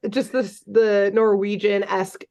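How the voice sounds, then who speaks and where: A woman's voice: mid-range voice, a little slow. Chatty young woman recapping a cartoon. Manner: animated, chatty, swears freely. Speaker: podcast co-host. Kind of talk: casual episode recap.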